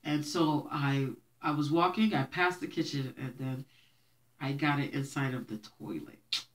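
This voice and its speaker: Her voice is very deep and a little slow. She's a young vlogger from a Haitian family in Brooklyn, Haitian Creole her first language, casually recounting childhood memories to her audience with frequent laughter.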